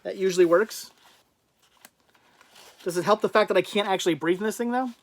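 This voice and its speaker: A man hosting a casual livestream, rambling and thinking out loud as he reads out and answers viewers' chat comments. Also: sits high, a little fast. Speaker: livestream host.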